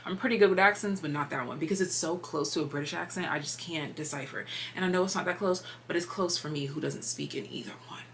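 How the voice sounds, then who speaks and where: Low-voiced chatty woman tarot reader. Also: fast, hardly any pauses, noisy background. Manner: chatty, meandering, filler-heavy, drops into whispers. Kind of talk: casual tarot reading.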